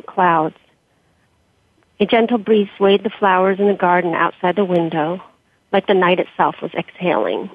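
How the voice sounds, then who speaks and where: A woman with a husky voice reading her own memoir in a measured, quiet way, then answering interview questions, heard over a dry, tinny phone-like line. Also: medium pitch, no room sound. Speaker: author and interview guest.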